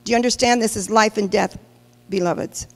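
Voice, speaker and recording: A woman's voice: medium pitch, fairly even intonation, brisk. A woman pastor preaching a sermon, emphatic and questioning the congregation directly. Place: large church hall. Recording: long hall reverb.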